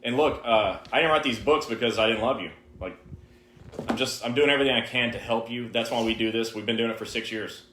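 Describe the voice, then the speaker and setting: A man's voice: medium pitch, brisk, noisy background. A man co-hosting a live-stream Q&A, giving direct, emphatic advice to viewers. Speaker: co-host answering viewer questions. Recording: roomy, echoey live stream.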